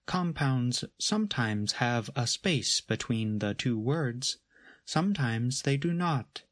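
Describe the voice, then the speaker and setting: A man narrating a scripted grammar lesson in a measured, explanatory way. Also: medium pitch, dry recording. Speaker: grammar teacher.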